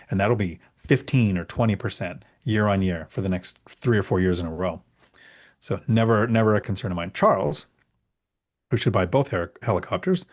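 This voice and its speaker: A middle-aged man with a lowish voice hosts a relaxed live Q&A. He reads viewer questions aloud, then answers plainly and leans on repeated words for emphasis. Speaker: host. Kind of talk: casual live Q&A chat.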